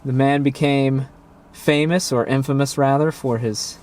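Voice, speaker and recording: A man's voice: mid-range voice, measured pace. Chatty male travel vlog host. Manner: relaxed, chatty, addresses viewers. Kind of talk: casual vlog narration. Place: outdoors on a day trip.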